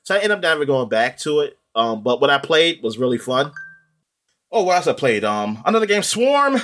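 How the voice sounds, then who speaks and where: A man's voice: on the high side, big pitch swings, normal speed, fairly bright tone. A man chatting casually in a podcast, rambling with many ums and restarts. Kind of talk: casual chat about video games.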